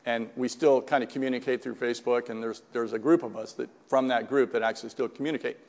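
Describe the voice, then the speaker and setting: A man's voice: medium pitch, fairly even intonation, quick pace, darkish tone, big-room sound. A man in his sixties giving a rambling personal testimony at a recovery meeting, full of restarts and asides. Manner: rambling storyteller, many restarts and "right?" tags.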